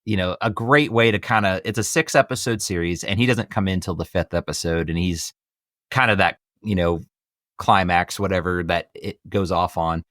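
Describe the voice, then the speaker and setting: Male podcast host, lower pitch, loose rambling delivery, dry recording. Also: moderate pace, fairly bright tone, no room sound. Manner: rambling, repeats himself, hands off questions. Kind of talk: casual chat.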